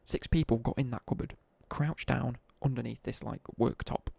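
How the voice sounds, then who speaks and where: A man's voice: mid-range voice, fairly even intonation, normal speed, creaky, mellow, slightly rough, dry recording. A young man with a British accent telling laddish school stories in casual live-stream chat while gaming. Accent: British English. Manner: chatty, laddish anecdotes with slang, asides while gaming.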